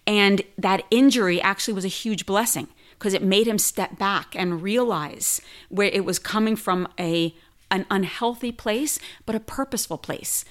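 A woman's voice: medium pitch, normal speed. A woman who teaches yoga, telling stories in a casual interview and acting out the people she quotes. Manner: animated, quotes people in lively voices.

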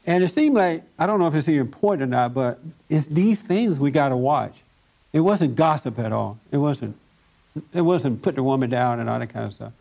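A man leading a group talk, telling a story in a lively way and laughing often. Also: mid-range voice, fairly quick, gravelly. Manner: animated, laughs often, acts out other voices. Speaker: discussion group leader.

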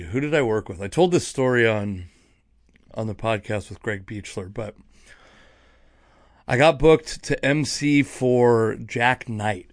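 In a lowish voice, a young Seattle-area stand-up comedian and podcast host recounts road stories. It's a casual, rambling monologue full of self-mockery and restarts, captured with clean studio sound and no echo.

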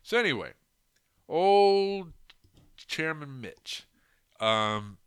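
Rambling crude-talking podcast host. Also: male voice, on the high side, big pitch swings, extremely slow, clear, resonant tone, dry recording, studio quality. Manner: rambling, crude, mocking, lots of fillers. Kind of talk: casual political commentary.

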